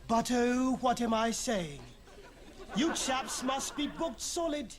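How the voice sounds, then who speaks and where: A captain with an over-the-top fake accent. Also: male voice, extremely high pitch, animated, slow pace, a crowd in the background, heavily acted. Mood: scheming. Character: scheming male spaceship captain.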